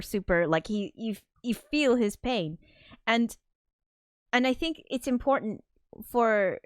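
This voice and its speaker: Woman streamer, mid-pitched, rambling casual chat with frequent fillers and swearing. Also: dry recording, clean studio sound. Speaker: streamer hosting film commentary.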